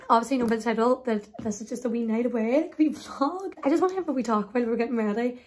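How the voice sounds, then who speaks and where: A young woman, chatting casually to camera at home and keeping her voice hushed. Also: fairly high pitch, racing, few pauses. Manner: chatty, hushed, frequent "like" and "wee". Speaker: vlogger. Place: home bedroom, getting ready.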